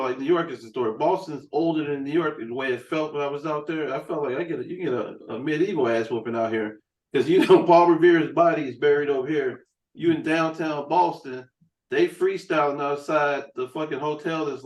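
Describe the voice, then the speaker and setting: A man's voice: on the high side, fairly quick, recorded from a distance. Profane, rambling man host in a roomy room. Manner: loose, profane storytelling. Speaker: podcast host. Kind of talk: casual chat. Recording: roomy room sound, set back from the mic.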